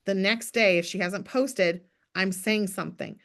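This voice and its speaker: This is a fast-talking woman in her thirties running an energetic coaching session for her sales staff. Her voice is mid-range, and she shifts to a brighter register whenever she acts out sample messages.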